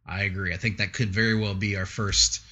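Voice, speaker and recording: A man's voice: fairly low pitch, level tone, fairly quick, sharp tone, muffled recording. A man co-hosting a casual comics podcast, chatty and laughing often. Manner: chatty, laughs often, breaks into a mock radio announcer voice. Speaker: podcast co-host.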